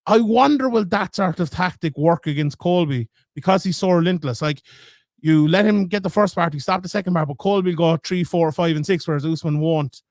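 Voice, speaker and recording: Brief: man, fairly high voice, dry close sound, casual podcast analyst who reasons aloud. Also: brisk, dry recording. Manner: thoughtful, restarts and hedges as he reasons aloud. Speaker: podcast co-host. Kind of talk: casual sports analysis chat.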